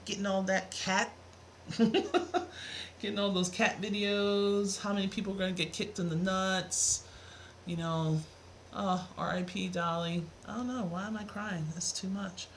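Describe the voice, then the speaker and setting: A woman's voice: mid-range voice, fairly even intonation, a little slow, slight background noise. Chatty woman teaching math live. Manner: chatty, greets viewers by name, playful asides. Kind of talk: live-streamed math lesson. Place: home room with a fan running.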